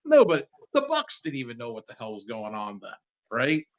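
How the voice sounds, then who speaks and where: In a rough recording, a fifty-something man guesting on a sports interview shares a touching childhood memory. He's lively and relaxed, speaking at a moderate pace in a mid-range voice.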